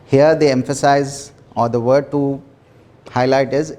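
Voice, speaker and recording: A man leading a small self-development workshop, talking earnestly with repeated phrases and soft laughs. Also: medium pitch, fairly even intonation, measured pace. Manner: earnest, repetitive, laughs softly between phrases. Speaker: workshop facilitator. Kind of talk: motivational workshop talk.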